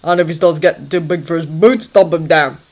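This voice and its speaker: Woman voicing a gruff, cussing army sergeant. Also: sits low, steady tone, fairly quick, darkish tone. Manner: blunt, swears constantly. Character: gruff hard-drinking male army master sergeant. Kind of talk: audiobook character voice.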